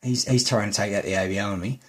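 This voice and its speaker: A man's voice: lowish voice, steady tone, quick pace. An Australian man in an angry, heated rant, swearing heavily and restarting his sentences often. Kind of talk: angry ranting monologue.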